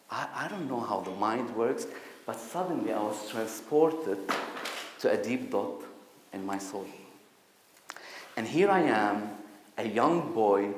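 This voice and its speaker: Animated storytelling man in an echoey hall. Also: mid-range voice, slight background noise. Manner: animated, acts out voices with sudden loud outbursts. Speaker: conference speaker. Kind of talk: personal storytelling talk. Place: conference hall.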